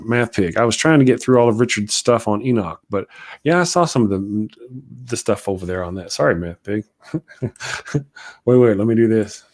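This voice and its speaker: A man hosting a casual livestream talk show, rambling and joking with frequent chuckles. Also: on the low side. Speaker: livestream host.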